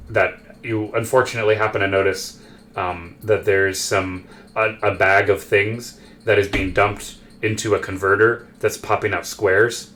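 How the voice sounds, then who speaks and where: A man's voice: on the low side, a bit bright. A man running a tabletop game as game master, narrating in a rambling way with many fillers.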